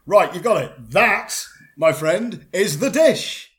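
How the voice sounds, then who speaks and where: A man, chatting in a deadpan comedy double act, pedantic and self-assured, rambling with restarts. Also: high-pitched, slow.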